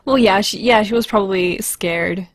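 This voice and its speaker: A woman guest on a podcast, chatting casually and reacting with quick exclamations. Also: mid-range voice. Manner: reactive, exclaims and gasps at the story.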